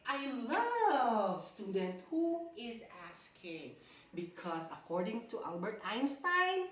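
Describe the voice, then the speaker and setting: A woman teaching a class, coaxing students with lively questions and explanations. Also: a little high, takes it slowly, slight background noise. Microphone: far camera. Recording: echoey classroom from far off.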